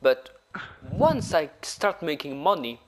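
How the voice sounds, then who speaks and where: A man's voice: on the high side, very animated, slow. A young man chatting over voice chat with a friend while gaming, laid-back and blunt with short replies.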